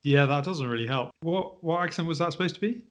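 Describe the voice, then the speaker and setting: A man's voice: on the high side, fast talker. A man guesting on a casual podcast, guessing word origins with hesitant, self-deprecating humour. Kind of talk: casual chat, guessing answers.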